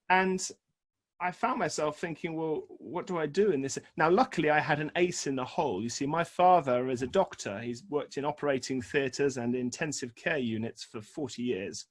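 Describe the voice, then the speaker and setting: A man in his forties tells a personal story to an audience on a video call, in a voice pitched a bit higher than most men's. He is self-deprecating and animated, and his voice jumps up sharply when he acts out his own past outbursts. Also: moderate pace. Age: 40s.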